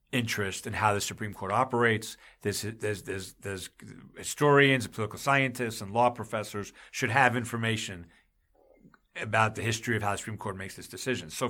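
A man's voice: lowish voice, sharp tone. Emphatic man hosting a podcast. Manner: emphatic, gets heated and raises his voice; frequent restarts and repetitions. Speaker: podcast host. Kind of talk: casual chat about law.

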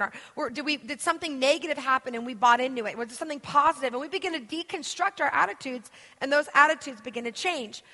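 A woman's voice: high-pitched, bright, forceful tone. A woman from the United States giving an interactive sermon as a guest minister. She tells stories in a chatty, rambling way, full of fillers. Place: church hall. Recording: long church hall reverb.

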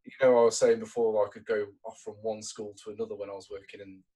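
A man who works in IT support, chatting casually and sounding relaxed and amused. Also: fairly low pitch, fast talker, low-quality recording. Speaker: IT support worker. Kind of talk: casual podcast chat.

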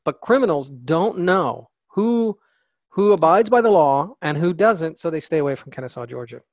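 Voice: medium pitch, expressive, moderate pace, no echo. A podcast co-host in casual, emphatic political chat who retells news stories and acts out the quotes.

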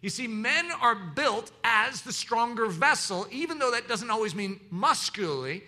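A man's voice: very high-pitched, lively intonation, normal speed, bright, forceful tone. A man preaching a sermon as pastor, teaching in an emphatic, preacherly way.

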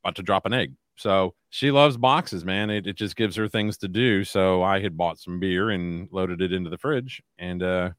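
A man co-hosting a casual podcast, relaxed, reading out news items and telling easygoing stories. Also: low voice, moderate pace, few pauses, dry recording, clean studio sound. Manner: relaxed storyteller, reads news items aloud. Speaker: podcast co-host.

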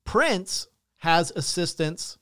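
Casting: opinionated man, slightly high voice, dry close sound, blunt and profane. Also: lively intonation, drawn-out words, bright, forceful tone, no room sound. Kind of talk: casual political chat.

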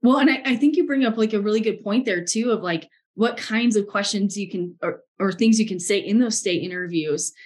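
A woman's voice: mid-range voice, brisk, hardly any pauses. A woman, an HR business partner, chatting in a webinar with a cough drop in her mouth. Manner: warm agreement, reads audience questions. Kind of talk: conversational webinar talk.

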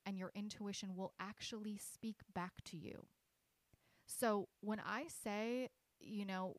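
A woman's voice: mid-range voice, dry recording. A woman hosting her own podcast, earnestly explaining her coaching sessions with frequent "like" and small restarts. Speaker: podcast host and intuition coach.

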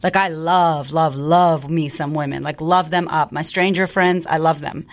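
A woman's voice: deep voice, steady tone, moderate pace. A woman podcast host and coach talking in a blunt, profane, fired-up way in a casual monologue.

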